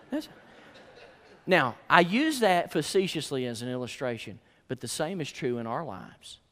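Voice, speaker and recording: Animated preacher in echoey hall. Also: male voice, medium pitch. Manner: animated storytelling, rhetorical questions, folksy. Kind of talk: sermon.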